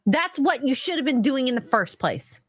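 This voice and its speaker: A woman's voice: high voice, big pitch swings, normal speed, slightly rough, dry recording. A woman producer chiming in on a casual chat stream with short, giggly reactions. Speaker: producer and co-host.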